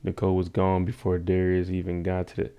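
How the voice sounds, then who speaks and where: A man's voice: completely flat delivery, brisk, warm tone, clear, resonant tone. A man casually recapping a TV episode on a live stream, using slang, answering chat by name and acting out scenes. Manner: laid-back slang, reads chat names, acts out scenes in high voices.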